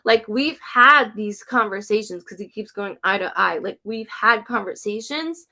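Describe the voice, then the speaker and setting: A woman's voice: mid-range voice, a little slow, bright, forceful tone. A woman psychic medium giving casual live-stream readings, chatty and rambling with lots of "like" and "um", passing spirit messages on to viewers.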